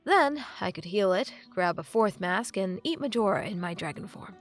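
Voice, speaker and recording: A woman's voice: mid-range voice, animated, normal speed, faint music behind, natural voice. A woman reading the lines of an awkward, earnest young male hero in an audiobook. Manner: hesitant, mumbling. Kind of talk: audiobook character voice.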